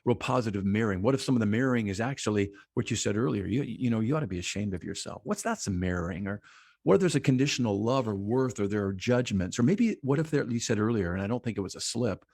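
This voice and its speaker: A man with a husky, slightly low voice walks through ideas on a podcast, posing one rhetorical question after another. The sound is dry and close, with no room around it. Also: lively intonation, fast, a little mellow, dry recording. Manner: explanatory, poses rhetorical questions. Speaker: mental health podcast speaker. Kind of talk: podcast conversation.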